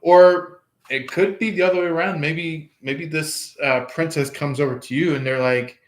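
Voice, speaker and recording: A man's voice: a little high, normal speed. A man giving a casual tarot reading, rambling, chuckling and acting out quoted lines. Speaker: tarot reader. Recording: echoey room.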